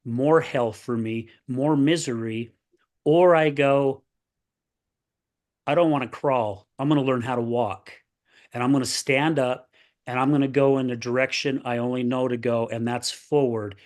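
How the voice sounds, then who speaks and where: A man's voice: medium pitch, unhurried. A man in his sixties, a podcast guest, talking in an earnest, upbeat way and often tagging sentences with "right?". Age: 60s. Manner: earnest, upbeat, repeats "right?" and "I tell you what"; plays other people's voices in animated retellings. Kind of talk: candid interview talk.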